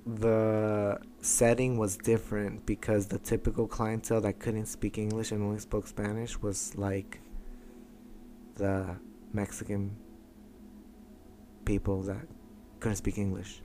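A man's voice: fairly low pitch, completely flat delivery, takes it slowly, pauses often, mellow, slight background noise. A man co-hosting a casual podcast chat, teasing and joking around. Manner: teasing, joking, mock voices. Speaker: podcast co-host.

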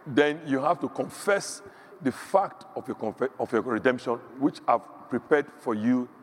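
Delivering a sermon at a moderate pace, a middle-aged man from Nigeria speaks in an animated mid-range voice, bringing his stories to life and voicing the people he quotes. There's a faint hum in the background and the hall echoes.

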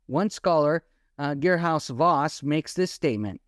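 Animated man co-hosting a Bible podcast. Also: on the high side, a little slow, dry recording, clean studio sound. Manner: animated, fires rhetorical questions. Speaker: podcast co-host. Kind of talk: Bible-teaching podcast talk.

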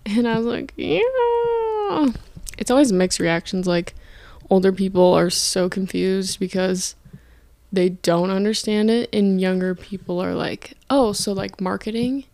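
A woman's voice: medium pitch, steady tone, normal speed, a little mellow, no echo. A young woman in college hosting a casual solo podcast from her dorm room, rambling and chatty, often stopping to correct herself. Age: young adult. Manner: rambling, self-interrupting, chatty. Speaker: podcast host. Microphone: podcast mic, filmed for video.

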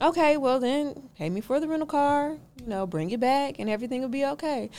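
A young woman with a smooth, clear, fairly high voice tells a story as a podcast guest. She talks in a casual, animated way and plays out each side of the exchange herself. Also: moderate pace. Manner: lively, acts out both sides of the story. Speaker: podcast guest, car rental owner.

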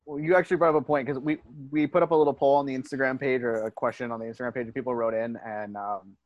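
A man co-hosting a casual podcast, telling animated stories with swearing and laughter. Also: medium pitch, racing, no room sound, lo-fi sound. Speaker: podcast co-host.

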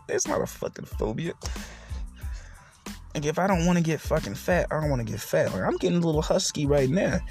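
A man's voice: medium pitch, creaky, darkish tone. Profane, blunt man ranting solo. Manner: profane, blunt, laughing often; mocking quoted voices. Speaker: podcast host. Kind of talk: solo podcast rant.

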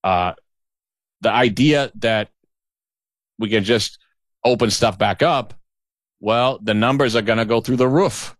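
A would-be cool male doctor, as a man puts him on, talks in a slow, dragging drawl. The voice sits low and sounds close and dry. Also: dry recording, lightly acted. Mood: lecturing. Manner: slow, drawn-out delivery.

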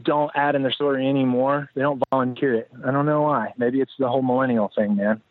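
A fast-talking man with a mid-range voice and fairly even intonation speaks as a podcast guest. He's reflective and wandering in casual interview conversation, with many fillers and restarts, over a dry, tinny, phone-like line with no echo.

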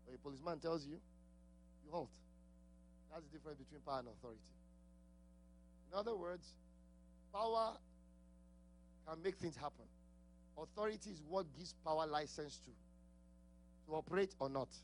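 A man's voice: a little high, expressive, normal speed, long pauses, a little hiss or hum. A man with an accent preaching a sermon, laughing often, asking the congregation questions and repeating key words. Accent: non-native English accent.

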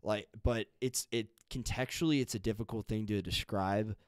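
A man's voice: on the low side, fairly even intonation, normal speed, smooth, dry recording, clean studio sound. A young man hosting a podcast, chatting casually and rambling with lots of fillers and restarts. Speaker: podcast host. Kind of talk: casual chat.

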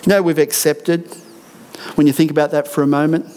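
A man's voice: a little high, little pitch movement, a little fast, darkish tone. Earnest middle-aged man preaching. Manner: earnest, emphatic preaching with repeated declarations. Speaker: senior pastor. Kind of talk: sermon. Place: church auditorium.

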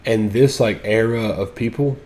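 A young man with a slightly low voice co-hosts a casual podcast chat. He reads web articles aloud and throws in dry, sarcastic asides. A faint hiss sits under the recording. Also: normal speed, a little mellow. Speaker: podcast co-host.

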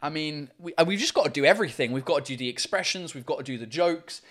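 A man's voice: a little high, animated, fast, fairly bright tone. A man hosting a casual livestream from home, reading out viewer comments in a rambling way, with lots of fillers and swearing. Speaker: livestream host.

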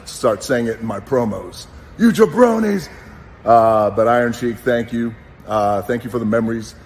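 Man, 50s, earnest and unhurried, lowish voice, reverberant room with faint noise; heartfelt tribute read. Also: a little mellow. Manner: earnest, unhurried, with pauses and fillers. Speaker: wrestler giving a tribute.

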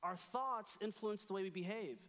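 High-pitched and fairly bright, this young man talks at a moderate pace, with a long reverb tail and slight background noise. Speaking for campus ministry at a retreat, he gives a sermon-style talk that's earnest and playful and includes scripture read aloud.

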